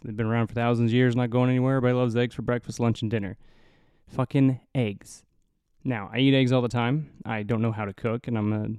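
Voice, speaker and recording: A man's voice: lowish voice, darkish tone, smooth, no room sound, studio quality. A young man from the Midwest with a nasal Midwestern accent, hosting a solo podcast in a rambling, profane, self-mocking way. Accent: Midwestern American. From American Midwest. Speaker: podcast host. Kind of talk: casual solo podcast monologue.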